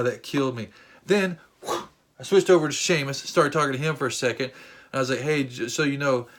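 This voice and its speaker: A man vlogging a casual, rambling story, excitable, with lots of fillers and restarts. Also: mid-range voice. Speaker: vlogger and wrestling fan.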